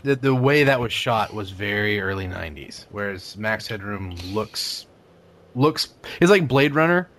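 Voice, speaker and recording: Rambling, excitable man in casual chat. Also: on the low side, unhurried, slight background noise. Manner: enthusiastic, rambling, profane.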